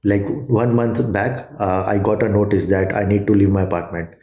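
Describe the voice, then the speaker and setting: A man's voice: on the low side, steady tone, mellow, muffled recording. Hesitant Indian-accented man, echoey room. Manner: halting, many fillers and restarts. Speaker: student giving a testimonial. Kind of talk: casual testimonial.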